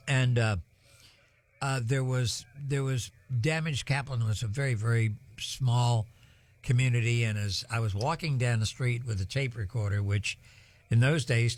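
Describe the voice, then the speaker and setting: A man's voice: mid-range voice, no echo. Older male broadcaster, rambling folksy storyteller, dry close studio sound. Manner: rambling, many ums and uhs, folksy. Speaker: broadcast weather host. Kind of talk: live storm coverage, storytelling.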